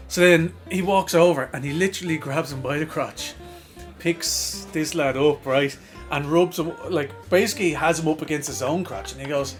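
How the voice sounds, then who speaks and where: A man's voice: fairly high pitch, normal speed, soft background music. A young Irish man co-hosting a podcast, telling crude stories with lots of swearing and laughter, acting out the voices of the people in them. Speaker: podcast co-host. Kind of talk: crude casual storytelling.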